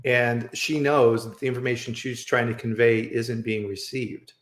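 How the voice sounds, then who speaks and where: A man's voice: mid-range voice, moderate pace. A man hosting a casual live-stream chat, telling stories and often adding "right?" as he talks over a video call. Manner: animated storyteller, repeats "right?". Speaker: host. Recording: roomy echo.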